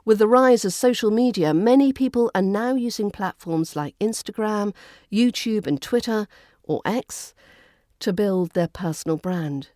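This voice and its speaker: A woman with a British RP accent, hosting a podcast lesson in a clear, measured, well-enunciated delivery. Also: medium pitch, expressive, darkish tone, no echo, clean studio sound. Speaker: accent coach and podcast host.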